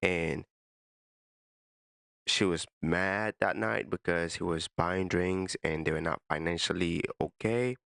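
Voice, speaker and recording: A man's voice: low-pitched, slow pace, gravelly, a bit bright, no echo, studio quality. A man reacting casually to a story and calling the listener "bro". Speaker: reaction commentator. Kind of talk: reaction commentary.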